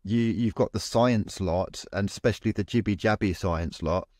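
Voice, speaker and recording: A man co-hosting a podcast, measured and opinionated in casual talk. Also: fairly low pitch, a little mellow, no echo, studio quality. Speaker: podcast co-host. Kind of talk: casual conversation.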